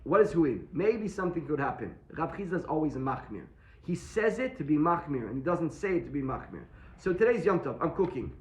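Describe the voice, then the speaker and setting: A man's voice: on the high side, very animated, fairly quick, echoey room. A man teaching a daily Talmud class to students, explaining step by step and answering his own questions. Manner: explains step by step, repeats points and asks rhetorical questions.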